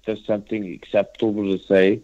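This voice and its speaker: A lower-voiced man argues on a call, angry, profane and threatening. His audio comes through dull and lo-fi, with a dry, close sound. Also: flat delivery, fairly quick, warm tone, no echo. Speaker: caller. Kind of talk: heated call-in argument.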